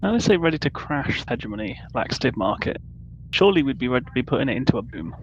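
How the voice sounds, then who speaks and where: A man with a gravelly, fry-tinged voice hands out crew posts in an easygoing, halting way, often stopping on uh. His voice comes through a dull, lo-fi voice-chat mic. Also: medium pitch, big pitch swings, slight background noise. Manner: easygoing, hesitant with frequent uh. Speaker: ship commander in online roleplay. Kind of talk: casual voice-chat roleplay.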